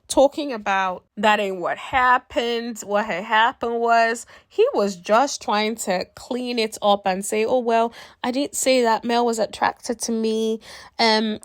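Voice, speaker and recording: A woman chats casually through a reality show recap, sassy and animated, acting out quotes as she goes. Her voice sits a little high and swings widely in pitch. The sound is dry, with no room echo. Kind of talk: casual commentary.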